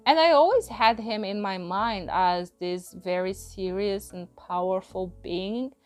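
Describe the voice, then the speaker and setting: A woman giving a casual, rambling film review, exasperated and laughing often, repeating words as she restarts her sentences. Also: a little high. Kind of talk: casual spoken movie review.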